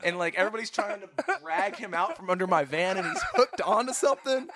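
A man's voice: high-pitched, lively intonation, fast talker, sharp tone. A young man in a casual chat, telling a rambling, profane story full of "like". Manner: rambling and profane, heavy use of "like". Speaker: touring band musician.

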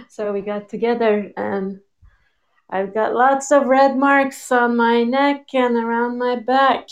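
Woman, co-host, casual chat, slow easy delivery, frequent laughter. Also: fairly high pitch, fairly even intonation. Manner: laughs often, chatty storytelling.

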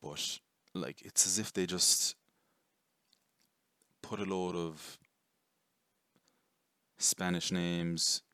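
A man's voice: low voice, fairly even intonation, very slow, pauses often, bright, forceful tone, dry recording, studio quality. A young man rambling casually through a jokey film review, swearing and correcting himself often.

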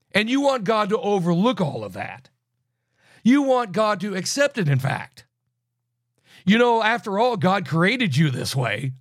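A man teaching through a Bible book verse by verse, emphatic, with loud bursts and low asides. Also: no echo, clean studio sound.

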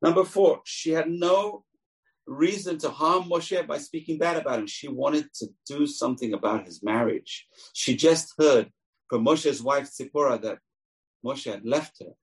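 Gravelly-voiced man giving a Torah lesson. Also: a little high, unhurried, rough recording. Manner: animated teller, acts out quoted voices. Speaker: rabbi teaching.

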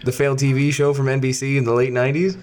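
A man chats loosely on a beer podcast, joking and drifting off on tangents. His pitch sits in an ordinary middle range. He keeps it relaxed and conversational. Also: rapid-fire. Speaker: podcast co-host. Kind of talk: casual chat.

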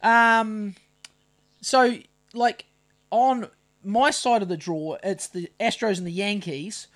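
A man's voice: high voice, fairly bright tone. A middle-aged man with a New Zealand accent, co-hosting a casual podcast chat, rambling and restarting his sentences often. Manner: rambling, halting, many restarts. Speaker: podcast co-host.

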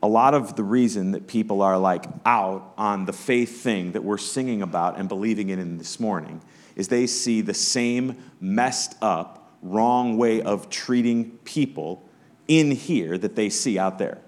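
A man's voice: on the low side, measured pace. A pastor preaching a Sunday sermon in church, conversational, acting out the voices of Bible characters as he tells the story.

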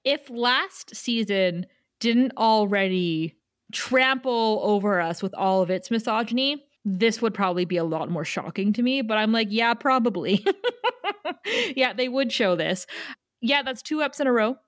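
A woman co-hosting a podcast recaps an episode casually, retelling it chattily with quick asides. Her mid-range voice is captured in a clean studio with no echo.

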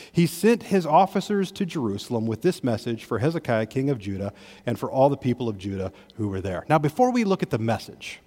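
Pastor preaching in a reverberant hall. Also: male voice, medium pitch, darkish tone. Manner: conversational preaching with varied emphasis, asides to the congregation. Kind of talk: sermon. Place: church sanctuary.

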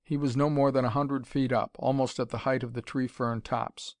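Narrating an adventure novel for an audiobook, a man keeps an even, steady storytelling tone. His voice sits at medium pitch and normal speed, with studio quality and no room sound.

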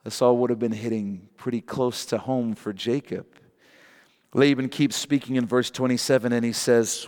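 A male pastor preaching a sermon, reading scripture with animated joking asides and emphatic repetition. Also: mid-range voice, normal speed, big-room sound.

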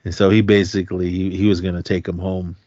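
A man's voice: low voice, little pitch movement, fast, a little mellow, no echo. Guy on a podcast retelling a movie, rambly, keeps restarting, dry slightly muffled sound. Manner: rambling, restarts sentences, laughs often, acts out quotes. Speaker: podcast co-host. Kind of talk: casual movie recap chat.

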